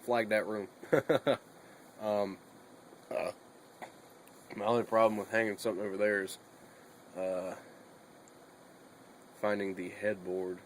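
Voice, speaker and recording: A man's voice: lowish voice, little pitch movement, slow, pauses often, slight background noise, rough recording. A young man chatting casually in a bedroom vlog, rambling and swearing a lot between fillers. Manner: rambling and profane, with many fillers.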